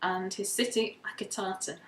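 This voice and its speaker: A woman tutoring in Egyptology, speaking in a measured, plain-spoken way in casual teaching chat. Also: mid-range voice, steady tone, a little hiss or hum. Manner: measured, plain-spoken, reads names from a list. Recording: echoey room.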